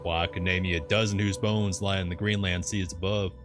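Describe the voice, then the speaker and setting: Brisk and level, almost like an everyday voice, the old sailor now sounds insistent as he grumbles scornfully in broad country dialect. The male narrator places him above his own deep register without losing weight, with quiet music running under the reading.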